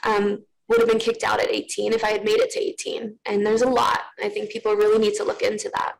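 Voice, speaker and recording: Woman with a gravelly, creaky voice. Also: mid-range voice, monotone, fast, poor audio. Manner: earnest, rambling with many fillers. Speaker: interview guest. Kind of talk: personal storytelling in a TV interview.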